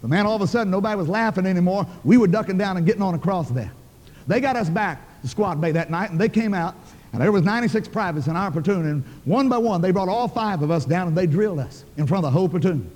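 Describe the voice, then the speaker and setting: A man's voice: high-pitched, lively intonation, fast, darkish tone, in a large hall. An older man preaching a sermon, telling a story in a folksy, emphatic, colloquial way.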